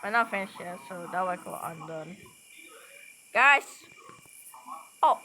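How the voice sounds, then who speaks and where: A woman chatting casually with friends while playing a game, excitable and prone to panicked yelps. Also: on the low side, fairly quick, background noise. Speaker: gamer. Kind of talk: casual gameplay commentary with friends. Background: game music.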